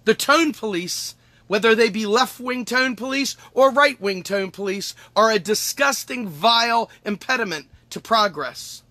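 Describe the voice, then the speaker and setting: Fiery high-voiced man ranting. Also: unhurried, sharp tone, no echo. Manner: angry, emphatic, profane, repeats lines for effect. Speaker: podcast host. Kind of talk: impassioned political monologue.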